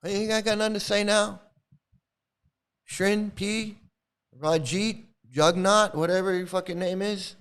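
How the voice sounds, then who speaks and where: A high, fairly bright and clean male voice with fairly even intonation, unhurried and pausing often. He's a middle-aged YouTube host on a live stream, ranting with anger and confronting his commenters with profanity.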